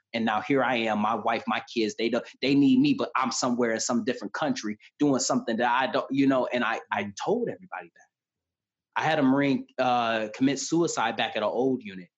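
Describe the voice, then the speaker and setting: A man's voice: medium pitch, dull audio. A man in his thirties telling personal stories with earnest emotion in a candid conversation. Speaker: podcast guest.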